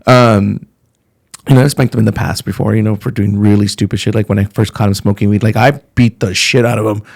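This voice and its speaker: A man's voice: on the low side, level tone, a little fast, vocal fry. A middle-aged man, a comedian guest on a podcast, telling blunt, profane, rambling stories in casual chat.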